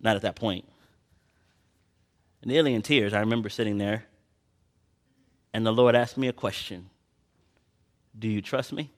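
Speaking at normal speed with a fairly low pitch and fairly even intonation, this preacher pauses often. His sermon moves from quiet personal storytelling to loud, passionate stretches, and he reads scripture in archaic wording.

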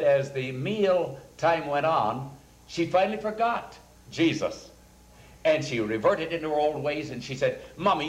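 Earnest storytelling pastor, roomy sound. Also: male voice, fairly high pitch. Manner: earnest anecdotal storytelling, quotes people in a raised voice. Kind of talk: storytelling sermon talk. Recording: roomy echoing recording.

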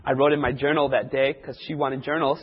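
A man's voice: mid-range voice, little pitch movement, a little fast, very noisy. A man preaching, telling a personal testimony and acting out the voices of the people in his story. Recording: dull lo-fi recording in a reverberant hall.

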